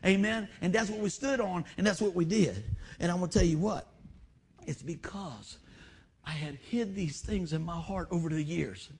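The pastor, a middle-aged man, speaks in a high-pitched, darkish voice at a normal pace, with slight noise in the background. Through emotional, repetitive exhortation and call-and-response asides, he repeats phrases and urges his congregation forward.

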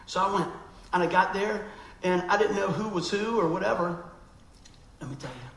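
A man preaching, his voice gravelly and pitched a little high. He tells a story with animation, acting out other people's voices. The sound is echoey, as in a church hall, with faint background noise. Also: moderate pace, a bit bright. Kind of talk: storytelling sermon.

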